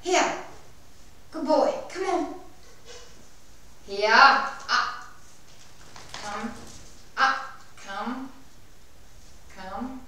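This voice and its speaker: A woman's voice: high voice, lively intonation, extremely slow, pauses often, sharp tone. A woman, a dog owner, calling commands and praise during training. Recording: echoey room, mic far off, faint noise.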